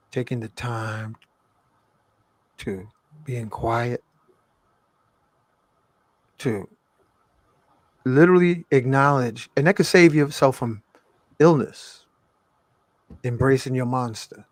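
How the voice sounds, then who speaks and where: A man's voice: medium pitch, dry recording. Emphatic slangy man, dry close sound. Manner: emphatic, swings from soft to loud, slangy. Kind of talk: casual spiritual talk.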